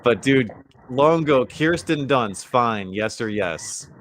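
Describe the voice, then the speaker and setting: A man's voice: mid-range voice, animated, takes it slowly, a little hiss or hum. A man hosting a casual livestream chat, laid-back and teasing with crude banter. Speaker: host.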